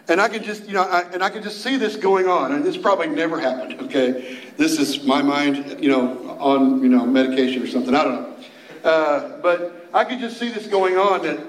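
In a spacious, echoing room, with a little hiss or hum in the background, a youth minister preaches at a moderate pace. His voice runs slightly high, and his delivery is folksy and animated, with playful voices woven into the story.

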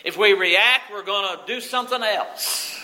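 Bright-voiced preacher man. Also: sits high, moderate pace, low-quality recording. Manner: earnest, asks many questions. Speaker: pastor. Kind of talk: sermon.

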